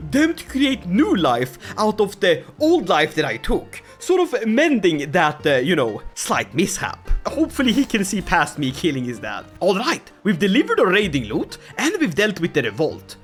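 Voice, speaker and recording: Wildly animated man playing a strategy game. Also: sits high, moderate pace, few pauses. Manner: excitable, joking, often laughing. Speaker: gaming YouTuber. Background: faint music.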